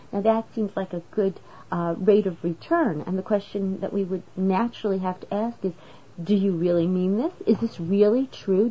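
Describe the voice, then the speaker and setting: A woman's voice: mid-range voice, husky, dull audio. A woman teaching a Torah lesson, explaining step by step and posing rhetorical questions to her listeners. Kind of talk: religious lesson.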